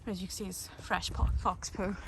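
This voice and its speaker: A woman's voice: steady tone, normal speed, a little hiss or hum. A woman chatting casually to camera while walking her dogs outdoors, a little breathless on the hills. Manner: chatty, talks to her dogs in a high coaxing voice. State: out of breath on a hill. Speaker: dog breeder vlogger. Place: outdoors on a countryside walk.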